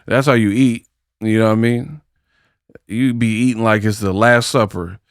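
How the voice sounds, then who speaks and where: A man's voice: fairly low pitch, steady tone, moderate pace, clean tone. A man hosting boxing commentary, reacting to clips in a casual, mocking, slangy way.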